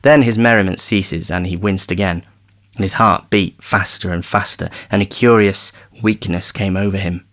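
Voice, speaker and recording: A man reading a novel aloud as an audiobook narrator, measured and steady. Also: low-pitched. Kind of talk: scripted narration.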